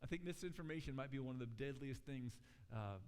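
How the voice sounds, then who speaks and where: A man preaching a sermon as pastor, talking in a conversational, animated way and acting out quotes as he tells stories. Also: medium pitch, fast, clean tone. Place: church sanctuary. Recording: long church hall reverb.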